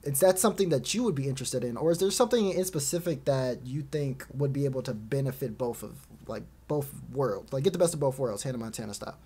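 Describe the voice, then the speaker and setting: A man's voice: medium pitch, animated, fast talker, few pauses, dark tone, husky. A man hosting a casual esports podcast, rambling with lots of fillers and frequent laughs. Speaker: podcast host. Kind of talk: casual chat about esports.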